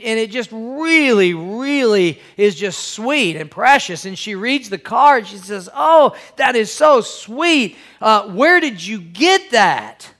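A middle-aged man preaching a sermon, asking for amens and acting out everyday scenes. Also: fairly bright tone. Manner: preacherly, calls for amens, acts out quoted wives in a high voice. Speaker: pastor.

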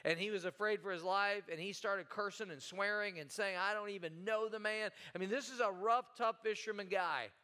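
A man's voice: high voice, a little fast, few pauses, sharp tone. A male pastor preaching a sermon in a folksy, conversational way, often stumbling and repeating words.

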